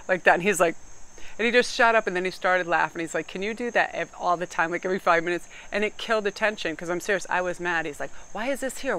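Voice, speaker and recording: A woman's voice: on the low side, a bit bright, poor audio. A woman giving a chatty tarot reading to camera, joking and laughing often as she talks. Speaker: tarot card reader. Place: outdoors. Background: faint crickets and insects.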